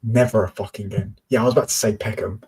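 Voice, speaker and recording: A man's voice: on the low side, fairly even intonation, racing, a little mellow, breathy edge. A young Englishman from Peterborough chatting casually as a podcast co-host, rambling, sweary and blunt. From Peterborough, England. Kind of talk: casual chat.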